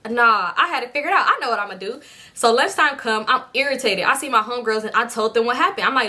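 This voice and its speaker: Young woman, bright, slightly high voice, casual animated storytime, frequent cursing. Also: quick pace. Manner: animated, profane, acts out quotes. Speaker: storytime vlogger.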